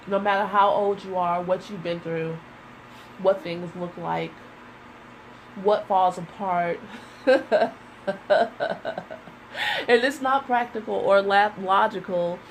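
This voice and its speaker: A woman gives a casual tarot reading, emotional and searching, near tears and hesitating often with many fillers. Her voice is medium-pitched and creaky. The recording is low quality, with a little hiss or hum.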